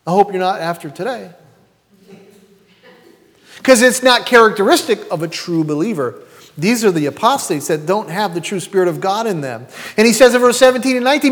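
Man, 50s, pastor preaching a sermon, high voice, rhetorical questions, long hall reverb. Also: animated, normal speed.

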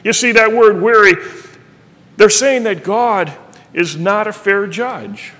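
A middle-aged man with a high voice preaches an earnest sermon, reading verses aloud and explaining them. His voice rings out with a long reverb in a church hall. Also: takes it slowly, fairly bright tone. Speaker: pastor.

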